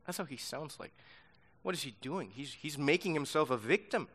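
A man's voice: fairly high pitch, animated, normal speed, a bit bright, slightly rough. Emphatic man teaching a Bible lesson. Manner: emphatic and insistent, repeating key words. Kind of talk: sermon-style Bible lesson.

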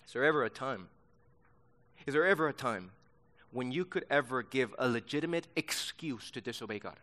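A man's voice: medium pitch, animated, normal speed, pushed and bright. Emphatic man teaching a Bible lesson. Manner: emphatic and insistent, repeating key words. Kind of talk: sermon-style Bible lesson.

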